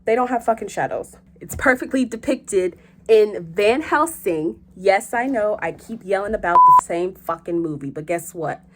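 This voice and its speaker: A young woman hosting a vlog in casual chat, animated and joking, with frequent swearing. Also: medium pitch, normal speed, a little hiss or hum. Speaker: host.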